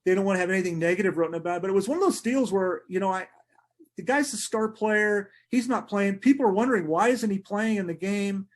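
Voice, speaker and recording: A middle-aged man, a sports writer, telling animated anecdotes in a podcast interview, laughing often and restarting sentences. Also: high voice, fast talker.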